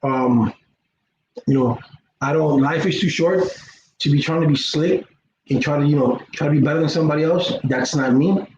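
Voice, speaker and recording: A man's voice: fairly high pitch, moderate pace, darkish tone. A middle-aged man in a casual, rambling vlog monologue, earnest and preachy, often repeating his words. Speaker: YouTuber. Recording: roomy, dull lo-fi sound with faint noise.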